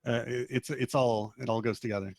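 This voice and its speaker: A man narrating a tabletop game as game master, relaxed and rambling, with plenty of fillers. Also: medium pitch, a little fast, gravelly, no room sound.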